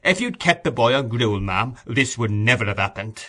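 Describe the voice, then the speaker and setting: A man's voice: mid-range voice, animated, normal speed, bright, forceful tone. A man reading aloud, voicing a pompous, bullying parish beadle who lectures with stern emphasis.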